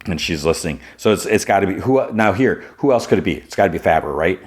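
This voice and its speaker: A man's voice: sits low, lively intonation, quick pace, husky. A man hosting a podcast, casually recapping an episode and thinking aloud as he retells the scenes. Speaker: podcast host.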